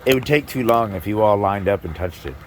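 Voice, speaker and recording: A man's voice: lowish voice, animated, brisk, background noise. A man doing a stand-up comedy set in a club, rambling, breaking off mid-sentence and laughing at his own jokes.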